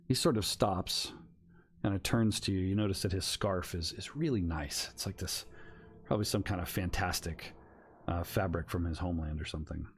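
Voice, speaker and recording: A man narrating a tabletop horror game as game master, lively with quick asides. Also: deep voice, breathy edge.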